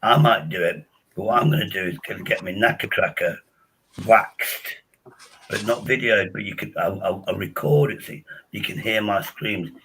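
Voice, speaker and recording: A man's voice: lowish voice, moderate pace, fairly bright tone, a little hiss or hum, poor audio. A man hosting his own livestream, chatting in a rambling way with bawdy jokes. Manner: rambling, restarts a lot, bawdy humour. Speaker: livestream host. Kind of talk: casual livestream chat.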